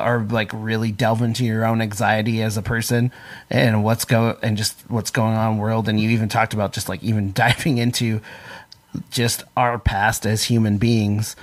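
A man in casual interview chat, halting and full of fillers, with a sarcastic streak. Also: lowish voice.

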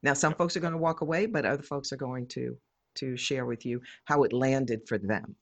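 A woman's voice: a bass voice, normal speed, no echo. A woman who works as a diversity educator, speaking as a guest and explaining in a direct, emphatic, coaching way. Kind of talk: conversational explaining.

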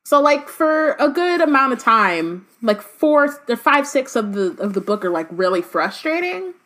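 A woman's voice: fairly high pitch, big pitch swings, moderate pace, fairly bright tone. Woman, casual book-club reader, filler-heavy and slangy. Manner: many fillers and "like", loose slangy asides. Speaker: podcast co-host reading and discussing a book. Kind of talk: casual chat mixed with reading aloud.

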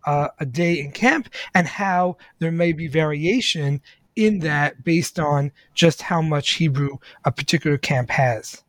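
A male interviewer asking questions haltingly, stopping and restarting as he goes. His voice sits a little higher than most men's, and the sound is dry and close. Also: no room sound. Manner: halting, many fillers and restarts.

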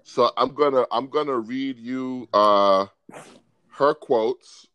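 A man hosting a casual podcast, animated and quick to laugh, his voice jumping high when he gets excited. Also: clean tone, no room sound, muffled recording. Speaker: podcast host.

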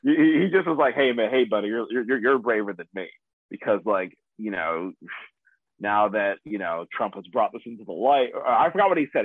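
A mid-range male voice, echo-free, comes through with a tinny phone quality. He laughs frequently while recounting a personal story in easygoing chat, cursing openly and joking at his own expense.

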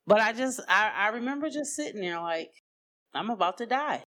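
A woman's voice: medium pitch, expressive, normal speed, fairly bright tone. A woman candidly telling her own life story in a loose, conversational way, with lots of "you know" and "like". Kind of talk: personal storytelling, unscripted.

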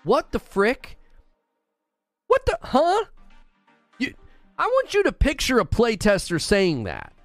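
A man's voice: very high-pitched, huge pitch swings, takes it slowly, long pauses, no room sound, faint music behind. A man streaming live, reading chat aloud and arguing back in a skeptical, argumentative way, often repeating words as he talks.

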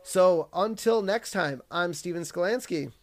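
A man co-hosting a casual podcast, excitable and laughing often. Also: high-pitched, a little slow. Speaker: podcast co-host.

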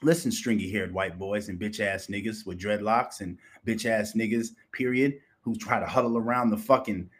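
A man's voice: lowish voice, normal speed, hardly any pauses, a bit bright, husky. Brash, boastful livestream host man. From Minnesota. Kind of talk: profane livestream rant.

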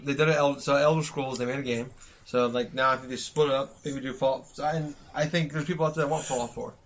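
A man co-hosting a casual podcast chat, excitable and playfully teasing. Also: mid-range voice, quick pace. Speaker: podcast co-host.

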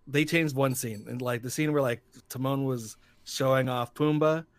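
A man co-hosting a casual podcast chat, telling stories and acting out quotes in loud put-on voices. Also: mid-range voice, fairly even intonation, normal speed, dry recording. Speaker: podcast co-host.

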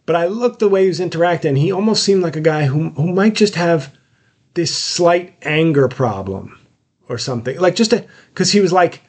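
A man's voice: a little high, lively intonation, moderate pace, a little mellow. A man hosting a podcast, telling a long personal story in a casual monologue, full of fillers and restarts. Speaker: podcast host, comedian.

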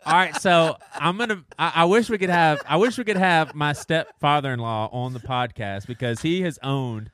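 A man's voice: on the high side, moderate pace, hardly any pauses, a bit bright, no room sound, studio quality. A man co-hosting a podcast, telling a story in casual chat and laughing often. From American South. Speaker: podcast co-host.

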